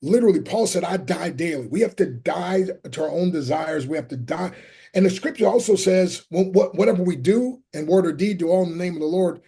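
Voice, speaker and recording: Fervent preacherly man, husky mellow voice. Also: high voice, fairly quick. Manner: fervent, quotes scripture, calls the host "my friend". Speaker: guest, motivational speaker. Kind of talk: preaching-style interview talk.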